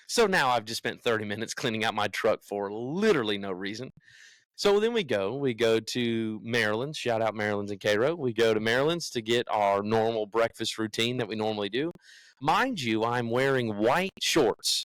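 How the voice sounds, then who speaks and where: A man's voice: medium pitch, expressive, normal speed, no echo, rough recording. A young man from the United States, a podcast co-host, tells a story in casual chat and acts out what other people said.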